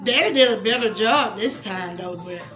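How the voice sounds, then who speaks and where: A woman, reading a picture book aloud to her young child in a soft, coaxing way, with asides. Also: mid-range voice, moderate pace, soft background music.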